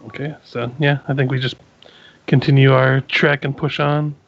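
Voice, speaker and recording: A man's voice: mid-range voice, little pitch movement, normal speed, creaky, muffled recording, a little hiss or hum. A man playing a tabletop game casually, rambling with lots of filler words. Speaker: player.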